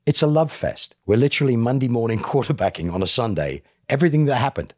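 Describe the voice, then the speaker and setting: A man, a podcast guest, telling a personal story in an animated way and acting out other people's lines. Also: medium pitch, fast talker, no echo, studio quality. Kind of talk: emotional storytelling.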